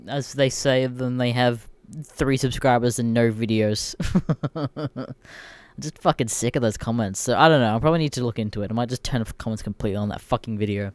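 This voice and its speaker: A man's voice: medium pitch, brisk, smooth, dry recording. A man with an Australian accent hosting a podcast, telling stories in a blunt, irreverent way and swearing constantly. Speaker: podcast host. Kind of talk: casual ranting storytelling.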